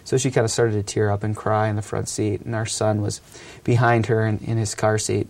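Low, gravelly man in his thirties; earnest, reflective storyteller who hesitates often. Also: level tone, brisk, a little mellow. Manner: earnest, hesitant with frequent fillers. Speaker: youth ministry speaker.

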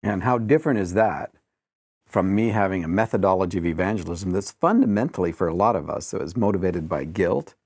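Deep-voiced man, dry and close. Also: animated, fairly quick, darkish tone, no room sound. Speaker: discussion guest. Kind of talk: conversational theology discussion.

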